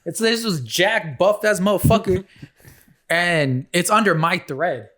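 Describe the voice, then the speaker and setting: A man's voice: sits high, slow, a bit bright. A man co-hosting a podcast, telling a story in a laid-back casual way with plenty of swearing. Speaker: podcast co-host. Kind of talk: casual chat.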